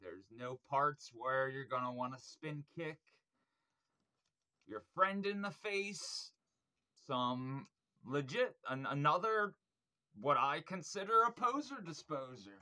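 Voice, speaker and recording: This young man's voice is on the high side, expressive, bright, and forceful, and he takes his time. Hosting a record review vlog, he rambles casually with plenty of fillers and swearing, getting keen on the music while frustrated as he searches his shelves.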